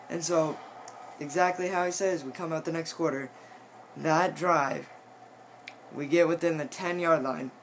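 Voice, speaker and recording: A teenage boy, a high school football player, telling a rambling story in a casual vlog, full of fillers and restarts. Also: normal speed, slight background noise, low-quality recording. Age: teens.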